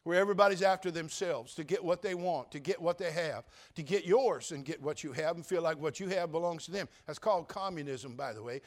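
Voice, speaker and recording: An older man preaching a sermon, folksy and joking, telling stories and rising into loud preaching at times. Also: fairly high pitch, a little fast, few pauses. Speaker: pastor.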